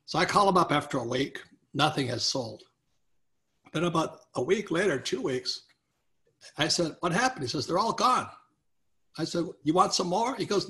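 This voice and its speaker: A man being interviewed as a guest author, telling a story with lively quotes of the people in it. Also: on the high side, a little fast.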